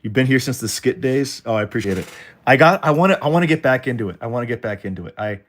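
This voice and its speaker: A man's voice: mid-range voice, expressive, quick pace. A man streaming live while he draws, rambling in a jokey way and talking straight to his chat. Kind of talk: casual livestream chat while drawing.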